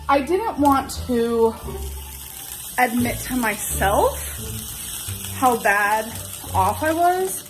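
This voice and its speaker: Slightly out of breath, a young woman cooks at the stove and talks casually to her vlog camera, rambling and using "like" heavily. Her pitch is fairly high. The home kitchen setting is echoey, and music plays in the background.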